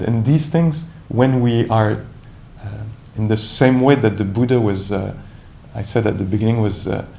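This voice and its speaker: Gravelly, mellow-voiced meditation teacher. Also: male voice, on the low side, slight background noise. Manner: calm, reflective, searching with many restarts and "you know". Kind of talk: dharma talk.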